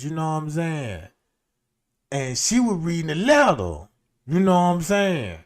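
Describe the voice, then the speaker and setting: High-voiced man telling a rambling story. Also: very animated, unhurried. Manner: rambling, profane, laughs often. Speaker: streamer. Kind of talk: casual storytelling.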